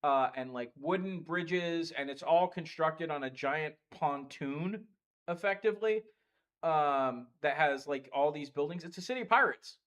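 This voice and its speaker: A man's voice: on the high side, a little slow, fairly bright tone. A man acting as dungeon master, chatting casually on a livestream in a game store and rambling through game lore with lots of fillers.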